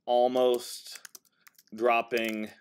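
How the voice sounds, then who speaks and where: A male teacher casually demonstrating software to a high school class, talking as he types and correcting himself along the way. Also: level tone, extremely slow, clear, resonant tone. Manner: casual, talks while typing, self-correcting.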